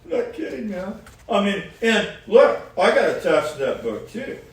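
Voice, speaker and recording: A man and guitar player giving advice in casual storytelling chat, rambling and animated, swinging between loud and soft. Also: high voice, unhurried. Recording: very echoey room, distant mic, faint noise.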